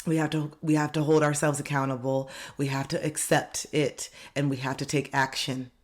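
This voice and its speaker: A life coach giving a self-help video talk, earnest and reassuring, repeating gentle affirmations and speaking straight to viewers. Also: medium pitch, little pitch movement, normal speed. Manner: speaks directly to viewers, coaxing them to open up.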